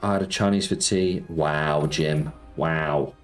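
A man's voice: rumbling low, fairly even intonation, takes it slowly. A man hosting a casual slots live stream, chatting with viewers and reading out their messages. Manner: chatty, reads chat aloud and answers viewers, says mate a lot. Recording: roomy echo with music behind.

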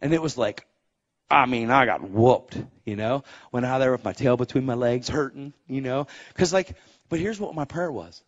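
A man's voice: medium pitch, normal speed. A man preaching a testimony sermon, telling his story emphatically and punching it with sound effects. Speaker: evangelist. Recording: dull, muffled recording.

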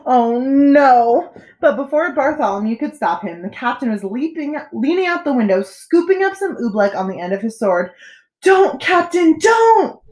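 A woman teacher reading a children's storybook aloud with expressive, animated storytelling. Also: a little high, brisk, hardly any pauses, reverberant.

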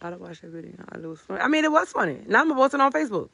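Bright, dry-sounding woman taunting. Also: on the high side, very animated, very fast, creaky, husky, no room sound. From New Orleans, USA. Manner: mocking, profane, repetitive taunts. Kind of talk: taunting livestream response.

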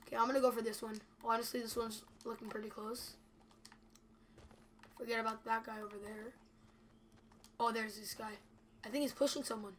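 Bright-voiced young woman narrating her gameplay. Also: fairly high pitch, fairly even intonation, a little fast, long pauses, a little hiss or hum. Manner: anxious, chatty, addresses viewers as guys. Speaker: gameplay video creator. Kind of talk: live gameplay commentary.

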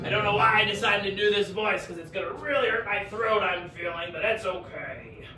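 A man's voice: sits high, animated, brisk, over music. A man in his forties putting on the voice of a jolly, playful pirate for a children's lesson, with growly "arr"s between his jokes. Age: 40s.

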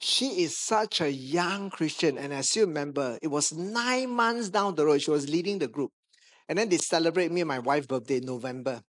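A man with a Malaysian English accent, preaching a sermon as a pastor, telling a lively anecdote with touches of humor. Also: fairly high pitch, normal speed. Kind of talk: sermon storytelling. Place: church stage.

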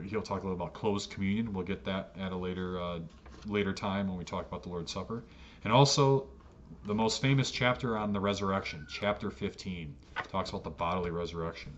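Low-voiced American man teaching a Bible class. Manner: conversational teaching with fillers and self-corrections. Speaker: adult catechesis teacher. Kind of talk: Bible study lecture. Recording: dull lo-fi audio with faint noise.

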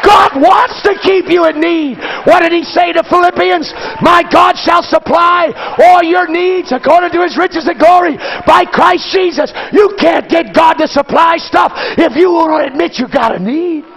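Southern-revival style? no—just a preacher guy yelling his sermon, real high voice, gravelly, crowd faint behind. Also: a little slow, few pauses, slight background noise, low-quality recording. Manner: shouting, impassioned, folksy. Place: church service before a congregation.

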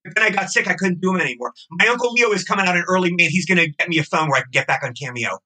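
A man with a high, very bright, slightly husky voice talks fast on a podcast. He rambles, gushes and repeats himself in loose casual chat. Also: poor audio. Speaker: podcast guest, actor.

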